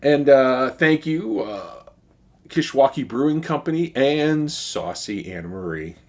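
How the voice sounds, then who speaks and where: A man's voice: medium pitch, a little slow. A middle-aged man with a Chicago accent, chatting casually as he reviews a beer in his video. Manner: relaxed and chatty, with fillers and sighs.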